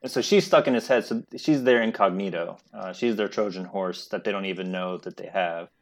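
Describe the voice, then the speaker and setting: Low-voiced man recapping a plot. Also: brisk. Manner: rambling plot recap, casual swearing. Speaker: podcast co-host. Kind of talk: casual chat.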